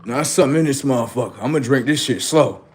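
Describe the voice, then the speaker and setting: A man's voice: medium pitch, fast, a little hiss or hum. A man on a live stream, chatting casually and swearing, then lecturing his viewers insistently about number codes.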